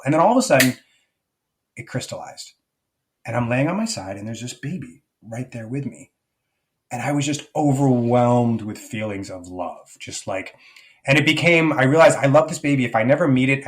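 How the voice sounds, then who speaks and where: A man speaks quickly and earnestly, telling a deeply personal story as a podcast guest. His pitch sits in a middle range, and his talk is full of loose fillers as he tumbles from one thought to the next. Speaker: guest, life coach.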